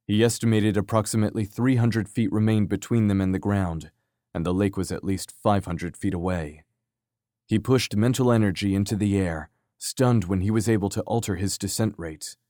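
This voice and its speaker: A man narrating an action story from a script in a steady, measured way. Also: sits low, no room sound, studio quality. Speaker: audiobook narrator.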